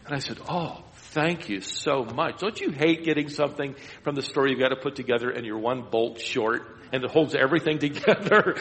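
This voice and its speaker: A man's voice: mid-range voice, normal speed, a bit bright. A man telling a long, self-deprecating personal story in a sermon, with a rambling anecdotal manner. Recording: long hall reverb.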